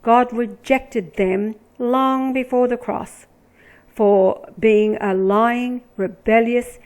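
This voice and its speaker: A woman giving religious commentary, reading scripture verses aloud with deliberate, emphatic delivery. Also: mid-range voice, darkish tone, poor audio.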